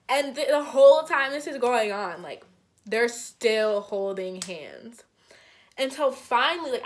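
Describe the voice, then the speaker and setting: A young woman recounting a story to her viewers, with a voice pitched a little high for a woman. She acts out each quoted line with sudden jumps upward. She fills her talk with "like" and keeps it loose and chatty. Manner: frequent "like" fillers, conversational. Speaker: vlogger. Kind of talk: storytime vlog.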